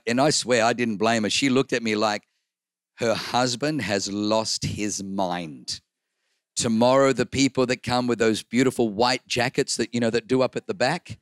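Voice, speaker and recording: A man's voice: mid-range voice, no room sound, clean studio sound. A man, a pastor giving a sermon, who tells personal stories and repeats phrases for emphasis. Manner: animated storyteller acting out voices, repeats phrases for emphasis.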